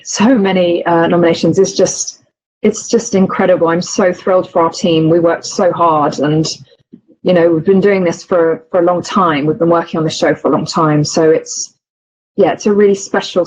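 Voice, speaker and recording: A woman's voice: mid-range voice, darkish tone, highs cut off. A woman who is an actress, chatting as an interview guest. She speaks emotionally and gushingly, with many restarts. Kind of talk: casual interview chat.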